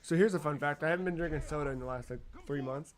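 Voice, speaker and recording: A man's voice: a little high, rapid-fire. A man in his thirties chatting casually as a podcast co-host, telling rambling, profane stories. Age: 30s. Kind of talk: casual chat.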